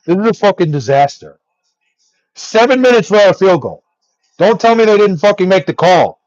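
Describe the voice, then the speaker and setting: A man's voice: high voice, big pitch swings, normal speed, a little mellow, dry recording, lo-fi sound. A young man angrily ranting on a live stream, swearing nonstop and exasperated. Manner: angry, profane ranting.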